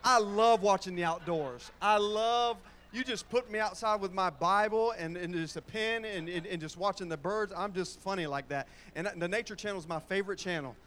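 A man preaching in a church with a bright, high voice, moving between laid-back storytelling and prodding call-and-response. He drops into colloquial phrasing and nudges the congregation to answer back, with faint room noise underneath. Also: normal speed, hardly any pauses. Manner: conversational, with Southern-style colloquial phrasing. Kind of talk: sermon.

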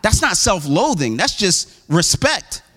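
A man preaching a conversational sermon as pastor, with frequent restarts and asides, now and then acting out quoted voices in a much higher pitch. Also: very animated, unhurried, bright, forceful tone. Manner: acts out quoted voices with big pitch jumps.

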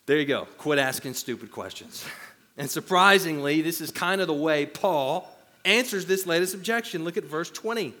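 A male pastor preaching a sermon in an animated way, with self-deprecating humor. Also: on the high side, moderate pace.

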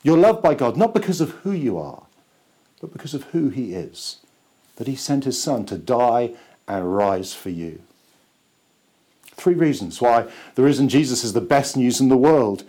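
A man, a church pastor, preaching a sermon slowly and emphatically, with dramatic pauses. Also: mid-range voice, sing-song, dark tone, husky.

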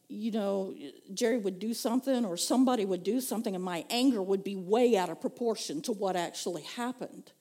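A woman's voice: medium pitch, dark tone. A woman pastor, preaching a conversational sermon, telling stories and laughing often. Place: church.

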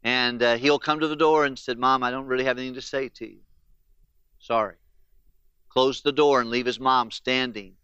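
A man's voice: medium pitch, steady tone, moderate pace, pushed and bright, clear, resonant tone, dry recording, lo-fi sound. A man who is a pastor, preaching a sermon and telling stories in an earnest way, with the questions of grieving people spoken in their voices.

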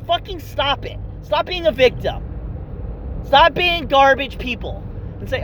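A man's voice: extremely high pitch, lively intonation, a little slow, a bit bright, a little hiss or hum. A man hosting a casual solo podcast, swearing freely and swinging from heated rant to rambling explanation. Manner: profane, heated and emphatic. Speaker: podcast host.

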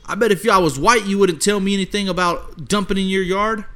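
A man's voice: sits high, brisk, sharp tone. A man quoting another man caught dumping trash, who answers in a dismissive, defiant way.

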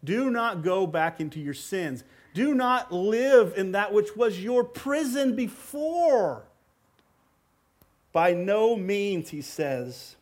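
High-voiced emphatic male preacher. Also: very animated, takes it slowly, few pauses. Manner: emphatic, conversational, repeats words when pressing a point. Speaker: pastor. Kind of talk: sermon.

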